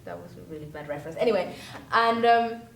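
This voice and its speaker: A woman's voice: quick pace, gravelly, crowd noise. A young woman acting as an earnest teenage orphan girl, telling her story to a friend in a rambling, hesitant vlog style. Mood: animated. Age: teens. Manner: rambling, hesitant, full of restarts and fillers. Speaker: actor in a vlog-style web series. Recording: roomy sound from a distant mic, faint rumble.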